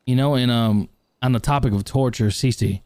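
A man playing an excitable male podcast host who interrupts a lot, in an in-character role-play interview. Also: medium pitch, moderate pace, smooth, no echo, clean studio sound, lightly acted. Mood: nosy. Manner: frantic, interrupting, bursts into shouting.

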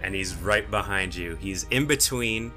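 A man's voice: low voice, unhurried, over music. A man narrating as game master of a tabletop role-playing game, playful and often laughing. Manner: laughing, playful narration with put-on character voices.

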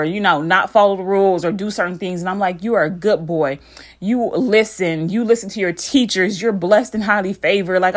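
Woman, thirties, mid pitch, casual devotional podcast, earnest, encouraging, repetitive preaching cadence. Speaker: podcast host giving a devotional message. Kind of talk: informal devotional talk.

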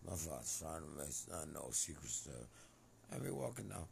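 Very deep gravelly man rambling. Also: very animated, normal speed, a little mellow, slight background noise. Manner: rambling, drifting between topics. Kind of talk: rambling monologue.

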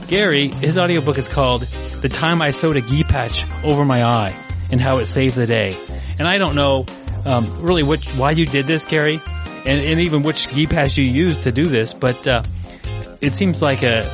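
A man co-hosting a podcast in a relaxed, chatty way, teasing his partner. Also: mid-range voice. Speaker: podcast co-host. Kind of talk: casual podcast chat.

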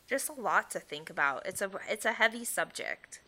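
A young woman co-hosting a casual podcast, with a bright, clear tone. She talks earnestly and reflectively, her sentences often trailing off as she thinks. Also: medium pitch, animated, moderate pace. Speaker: podcast co-host.

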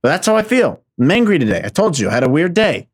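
A man's voice: fairly high pitch, big pitch swings, fast talker, breathy edge, no room sound. A man hosting a show, giving tired, mocking commentary with a sarcastic edge. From United States. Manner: mocking, fed up. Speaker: host.

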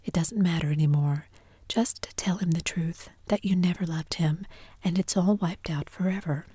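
Earnest composed young man played by a woman, whispered role-play, breathy, dry close mic. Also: on the low side, moderate pace, warm tone, dry recording.

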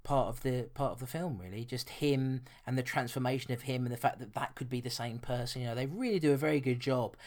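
A man co-hosting a film podcast, his voice sitting in an ordinary middle register. He chats loosely about a movie, often pausing and restarting his sentences. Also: medium pitch, darkish tone. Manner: chatty, hesitant, many restarts. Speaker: podcast co-host. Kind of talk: casual film review chat.

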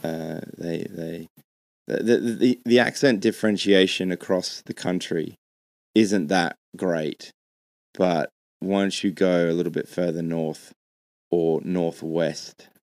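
A man hosting a casual podcast interview, talking in halting, hesitant bursts with plenty of restarts. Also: low voice, fairly even intonation, a little mellow, no echo. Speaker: podcast host.

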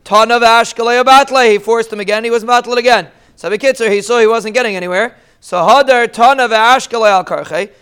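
Guy teaching talmud, pretty high voice, translates the aramaic bit by bit, gets loud when he acts out quotes. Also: a little fast, hardly any pauses, clean tone. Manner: explains Aramaic text line by line in casual English, with restarts; acts out quoted shouts with a raised voice. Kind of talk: Talmud study lesson.

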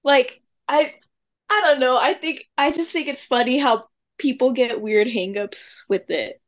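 Woman, high voice, podcast guest, casual chat, laid-back, mocking impressions. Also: measured pace. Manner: laid-back, acts out quoted people in a mocking tone.

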